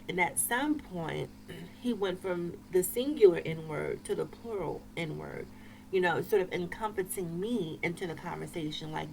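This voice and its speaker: A woman vlogger telling a personal story to camera in an expressive, emphatic way with wry asides. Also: on the low side, gravelly, slight background noise, poor audio.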